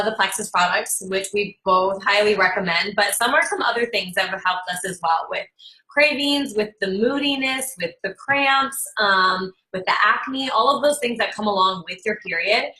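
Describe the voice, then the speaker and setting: A woman's voice: mid-range voice, normal speed, bright, forceful tone, rough recording. A woman in casual chat on a live call, recommending products and acting out quoted talk. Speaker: product presenter.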